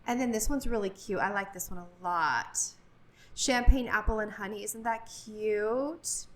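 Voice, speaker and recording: A woman's voice: medium pitch, normal speed. A woman vlogging a casual walk through a large store, chatty and gushing, with many fillers, recorded on a handheld phone. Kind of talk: casual store walkthrough vlog. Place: large retail store, indoors.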